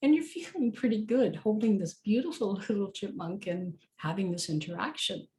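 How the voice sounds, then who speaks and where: A woman's voice: mid-range voice, moderate pace, warm tone, slight background noise. A woman leading a guided meditation in a casual, chatty way with many fillers.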